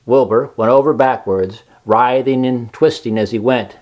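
A man with a medium-pitched voice narrates a children's storybook, reading it aloud calmly and at a measured pace.

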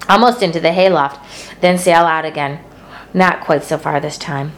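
A woman narrates a children's novel aloud. Her delivery is steady and gentle, and her voice sits a little low for a woman. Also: moderate pace. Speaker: storybook narrator.

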